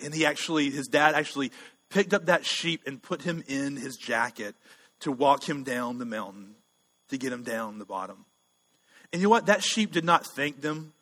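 A man's voice: a little high, sharp tone. A man preaching a sermon as pastor, in a casual, self-deprecating, conversational way with frequent restarts. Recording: long hall reverb.

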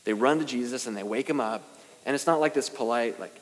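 A man's voice: mid-range voice, quick pace, in a large hall. A young adult male pastor preaching a sermon in a casual, self-deprecating way, with rising emphasis at key points. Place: church sanctuary.

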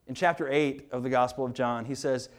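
A man's voice: medium pitch, a little fast. A male pastor preaching a sermon in an earnest, emphatic way, often repeating words as he builds a point.

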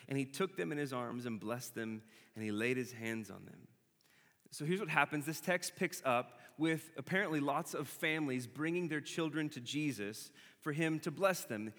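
A man delivers a sermon in a conversational style, slowing down and repeating his main points for weight. His voice sits a little high for a man. The sound carries a long reverb from the church hall around him. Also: a bit bright. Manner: conversational preaching, repeats key phrases slowly for emphasis. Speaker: pastor. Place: church sanctuary.

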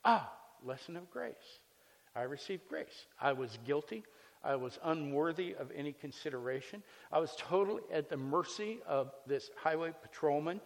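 A man preaching as a pastor, reading scripture and then telling a personal story in a relaxed, conversational way. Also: a little high, normal speed, vocal fry. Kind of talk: sermon. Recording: long hall reverb.

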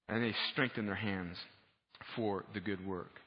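A man preaching a sermon as pastor, casual and joking at times, rising to loud, fervent passages. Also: on the low side, normal speed, husky. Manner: casual, humorous preaching that swells to loud fervor. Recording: dull lo-fi sound with long hall reverb.

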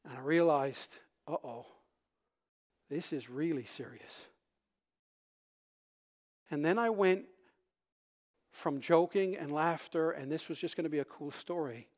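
A man preaching a sermon in a high, lifted voice. He tells a personal story with lots of drama, dropping to a hush, then rising to loud bursts. Now and then he restarts a word mid-sentence. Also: a little slow, pauses often. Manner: animated storytelling, swings from loud shouts to hushed tones. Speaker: pastor.

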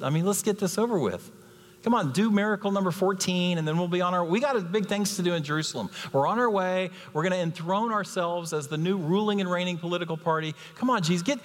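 A man's voice: sits high, animated, fast, long reverb tail, voice pushed up. A man voicing an impatient, pushy male follower who wants Jesus to hurry up. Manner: exasperated, pushy.

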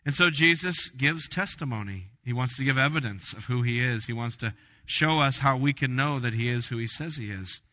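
A man preaching a sermon as pastor, emphatic and animated, with frequent restarts. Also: mid-range voice, normal speed. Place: church sanctuary. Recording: reverberant church hall.

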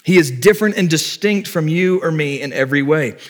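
A man's voice: a little high, animated, a little fast. A man, a pastor, preaching a conversational sermon to his church, explaining and asking his listeners rhetorical questions. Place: church before a congregation.

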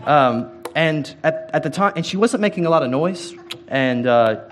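Lively, animated male pastor preaching. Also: on the high side, normal speed, faint music behind. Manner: animated, conversational preaching with asides to the congregation. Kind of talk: sermon.

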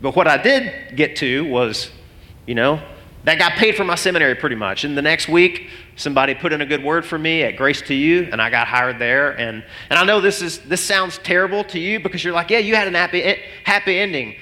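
Man, preacher, lively storytelling, bright tone, echo from a large hall. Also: a little fast. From Arkansas. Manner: animated, acts out both sides of his stories with big pitch swings. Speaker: pastor. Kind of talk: sermon storytelling. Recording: long hall reverb.

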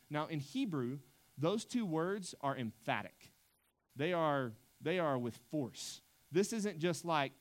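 A man's voice: a little high, very animated, moderate pace. Emphatic conversational pastor, man. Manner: conversational, emphatic, with frequent restarts. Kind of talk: sermon.

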